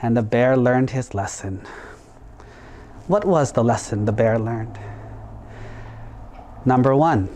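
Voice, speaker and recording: A monk telling a story in a children's sermon, in an animated, playful way. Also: male voice, mid-range voice, slow pace, long pauses, slight background noise.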